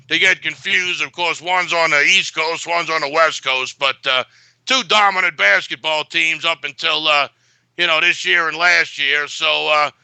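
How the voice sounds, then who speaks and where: A man's voice: fairly high pitch, vocal fry, sharp tone, dry recording. A man giving a sports betting pick in a blunt, boastful way, full of filler uhs.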